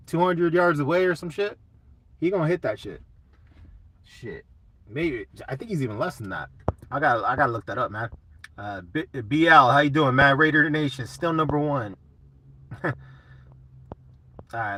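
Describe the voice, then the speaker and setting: A man's voice: medium pitch, fairly bright tone. A young man hosting a casual live chat, laid-back and swearing a lot while answering comments.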